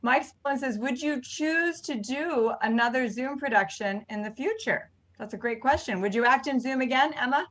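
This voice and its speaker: A woman's voice: high voice, moderate pace, hardly any pauses, a bit bright, poor audio. A woman directing a theater group, hosting a casual question-and-answer session over a video call, talking with many ums and restarts. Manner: chatty, frequent ums and restarts.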